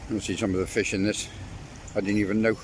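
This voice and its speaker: A man's voice: on the low side, level tone, fast talker, slight background noise. A middle-aged man giving a casual walking tour outdoors, talking to his viewers with chatty, wry asides. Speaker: travel vlogger. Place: outdoors, walking through town streets and a park.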